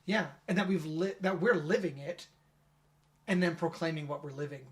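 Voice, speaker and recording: Chatty man hosting a ministry interview. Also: on the high side. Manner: affirming, chatty, quick to laugh. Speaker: interviewer and youth ministry pastor. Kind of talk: casual interview conversation.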